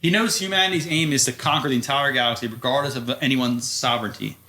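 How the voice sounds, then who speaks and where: A man's voice: mid-range voice, fast, bright, forceful tone. A man co-hosting a podcast, recapping a story in loose, profane chat with frequent laughs. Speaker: podcast co-host.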